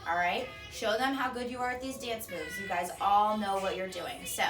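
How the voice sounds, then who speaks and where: A young woman teaching a children's dance warm-up from a home workout room, cheerfully counting beats and coaching. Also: mid-range voice, normal speed. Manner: bright, encouraging, counts beats aloud. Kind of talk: upbeat kids' dance class instruction. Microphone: camera across the room. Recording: echoey room from far off, with music. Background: music playing.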